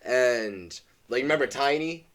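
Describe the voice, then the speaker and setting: A man's voice: mid-range voice, lively intonation, a little slow, a bit bright, a little hiss or hum. A young man co-hosting a podcast, rambling and joking with lots of fillers. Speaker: podcast co-host. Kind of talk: casual chat.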